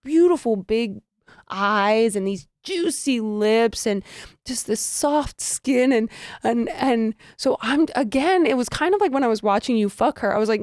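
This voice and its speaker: A woman co-hosting a candid, casual podcast chat, telling stories in an animated way, laughing often and filling with "like". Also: on the high side, dry recording, studio quality. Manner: giggly, animated storyteller with many fillers. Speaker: podcast co-host.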